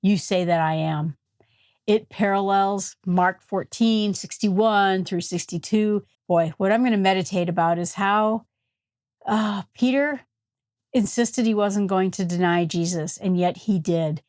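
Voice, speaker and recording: A woman's voice: medium pitch, measured pace, darkish tone, no room sound, studio quality. A woman with an Upper Peninsula Michigan accent casually teaching a Bible passage, retelling scenes with chatty asides. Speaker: Bible study host.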